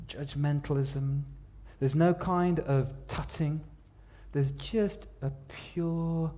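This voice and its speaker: This preacher tells his church story theatrically, shifting between quiet and booming and repeating words to drive points home. He speaks in a mid-range voice.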